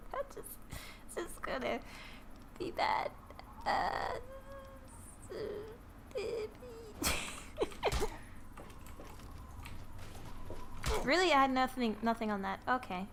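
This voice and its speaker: This woman's voice sits high and sounds animated yet unhurried, with noise in the background. She casually comments on the game she's playing, laughing a lot and muttering embarrassed, self-mocking lines under her breath.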